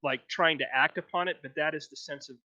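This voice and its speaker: A game master narrating a live tabletop game in slow, deliberate descriptive passages. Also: mid-range voice, fairly even intonation, bright, forceful tone, no room sound, dull audio. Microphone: headset or desk mic for a live stream.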